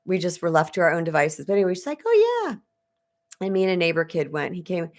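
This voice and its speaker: Candid, chatty woman in her fifties, low voice. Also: fairly even intonation, rapid-fire. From United States. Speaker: spiritual empowerment coach. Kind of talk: live-streamed personal storytelling to viewers.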